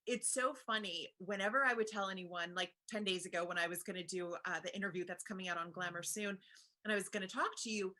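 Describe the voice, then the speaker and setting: A woman's voice: medium pitch, quick pace, pushed and bright. An American woman interviewing an actor in a casual chat, enthusiastic and gushing.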